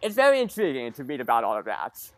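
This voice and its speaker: A woman casually recapping a movie plot for a podcast, with lively quoted asides. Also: extremely low pitch, fast talker, no echo. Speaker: podcast guest.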